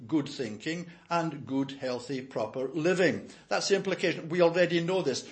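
An older male preacher delivers an expository sermon, reading a passage and then unpacking it phrase by phrase. His voice sits a little higher than most men's, and he stresses each point with measured emphasis. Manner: reads scripture aloud, then explains it slowly and emphatically.

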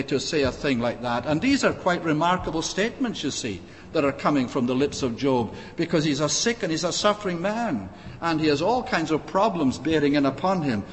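A man preaching an expository sermon, measured and pausing often with "uh", reading scripture in old-fashioned wording. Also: on the high side. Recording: long reverb, faint background noise.

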